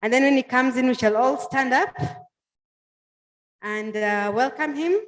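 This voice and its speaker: A woman's voice: high voice, unhurried. A Kenyan woman emceeing a public meeting, making friendly, coaxing announcements to the audience. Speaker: master of ceremonies. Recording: echoey hall with faint music.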